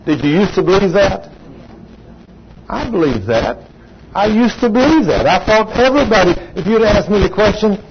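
Animated preacher man, muffled church recording. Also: sits high, moderate pace. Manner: conversational, animated, rising for emphasis. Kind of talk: sermon. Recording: muffled lo-fi recording with background noise.

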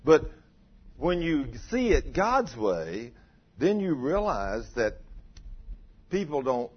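Preacher, male, husky and animated, conversational sermon on a dull low-fi recording. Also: slow pace. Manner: conversational preaching, rhetorical questions to the congregation. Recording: dull muffled low-fidelity sound.

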